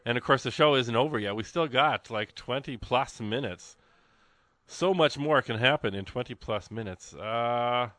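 A man hosting a live radio fundraiser, chatting in an excitable, rambling, jokey way from a studio. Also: mid-range voice, moderate pace, dry recording. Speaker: radio host. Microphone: studio microphone.

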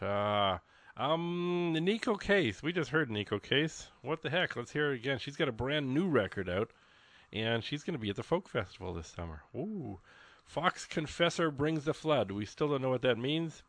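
A man's voice: fairly low pitch, fairly bright tone, no room sound. A man hosting a radio show, chatting casually in a rambling, folksy way with plenty of ums and uhs. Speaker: radio host. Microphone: studio microphone.

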